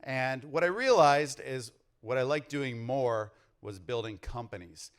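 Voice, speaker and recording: Man in his forties, keynote speaker, clear smooth voice, energetic and rallying, mid-range pitch. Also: a little slow. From Canada. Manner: energetic, rallies the crowd with questions. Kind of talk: conference keynote talk. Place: on stage before a large audience.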